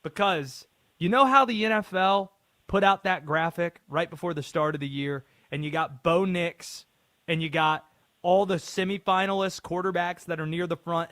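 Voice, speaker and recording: Host: playful man, high voice, dry close studio sound. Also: a bit bright, no echo. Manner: playful, mock-grand patter. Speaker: sports radio host. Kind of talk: call-in sports radio hosting.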